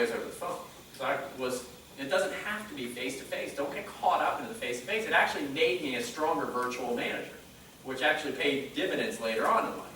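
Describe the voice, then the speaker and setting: A man giving a motivational talk on stage, telling stories and acting out conversations in a lively way. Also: on the high side, a little hiss or hum. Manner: animated storyteller quoting dialogue. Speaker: motivational speaker. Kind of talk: live presentation storytelling. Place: conference room. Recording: echoey hall mic from a distance.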